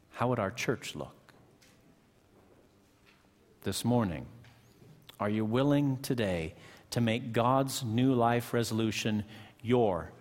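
A male pastor delivers a sermon in a church, rising in pitch to stress key words and then sinking low and slow at the ends of phrases. His voice sits at a middle pitch, and the sanctuary's long reverb trails after each phrase.

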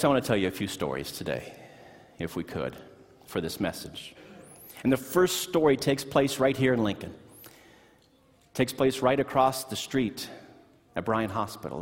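A middle-aged man preaching a sermon in a church, telling stories with animated energy that drops to hushed tones. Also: medium pitch. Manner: animated storytelling, shifting from excited to hushed. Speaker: pastor. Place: church sanctuary. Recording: long hall reverb.

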